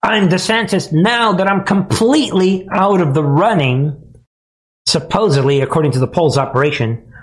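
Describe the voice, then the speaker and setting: A man's voice: sits high, moderate pace, voice pushed up, close to an everyday voice. A man lampooning a smug male politician bragging about his own comeback, in a slightly raised voice. The tone is sarcastic and mocking, like a commentator acting out a rival.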